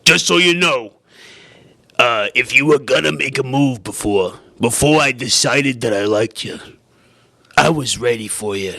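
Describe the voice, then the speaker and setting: A man voicing a tough, deep-voiced young woman who talks bluntly and aggressively. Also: unhurried, creaky, sharp tone, heavily acted. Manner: blunt, matter-of-fact threats.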